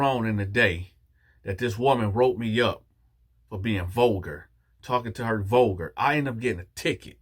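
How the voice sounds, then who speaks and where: A man hosting his channel, telling a story in a casual monologue with animated delivery, talking straight to his viewers. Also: fairly low pitch, normal speed, slightly rough. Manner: animated, addresses viewers directly.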